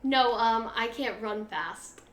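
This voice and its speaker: A woman's voice: on the high side, slow, reverberant. A woman chatting casually while playing a game, thinking aloud with lots of fillers. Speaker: game co-player. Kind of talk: casual gaming chat.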